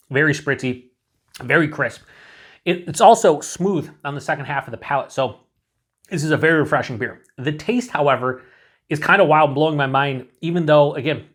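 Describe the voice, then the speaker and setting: A man's voice: medium pitch, a bit bright. Chatty man rambling through a beer review. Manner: rambling, enthusiastic, frequent "like" and restarts, swears casually. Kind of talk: casual solo review.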